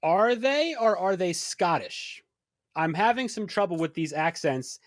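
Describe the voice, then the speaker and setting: A man co-hosting a podcast, casually discussing a film with halting restarts and enthusiastic asides. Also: high voice, expressive, no room sound, studio quality. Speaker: podcast co-host.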